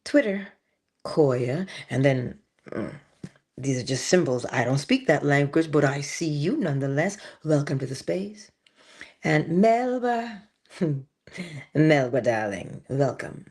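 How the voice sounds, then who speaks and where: A woman with a low voice hosts a spiritual livestream at an unhurried pace. She welcomes her viewers one by one with fond, drawn-out greetings. Now and then she drops into a whispered aside. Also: lively intonation, darkish tone, husky. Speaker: livestream host.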